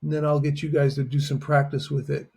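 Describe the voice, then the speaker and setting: A man's voice: a little high, flat delivery, a little fast, darkish tone, slightly rough. A man teaching a Chinese lesson in a patient, explanatory way, often checking in with "right?". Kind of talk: online language lesson.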